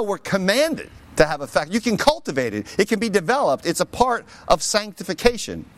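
A man preaching a sermon as pastor, conversational and emphatic, with lively asides to the congregation. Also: high voice, a little hiss or hum.

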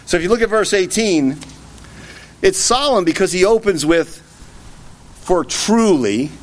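A man preaching an expository sermon, emphatic and often checking in with a rhetorical "right?". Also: high-pitched.

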